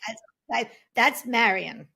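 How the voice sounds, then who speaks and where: A woman guest speaker telling personal stories on an online panel, animated, acting out voices as she goes. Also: on the high side, slow pace, creaky, slightly rough. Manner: animated storyteller, acts out voices. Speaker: guest speaker on spirit signs. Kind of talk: storytelling in a panel talk. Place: online summit panel, video call.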